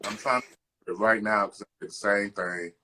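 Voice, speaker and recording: A man's voice: on the low side, normal speed, sharp tone. A man co-hosting a casual podcast, ranting with lots of swearing and mocking impressions of other people's speech. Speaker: podcast co-host. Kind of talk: casual chat.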